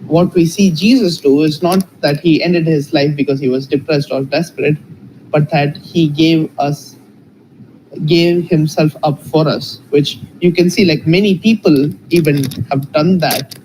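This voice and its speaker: A man arguing his side in a live debate, measured and often hesitating. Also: a little high, a little mellow, slight background noise, rough recording. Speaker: Christian debater.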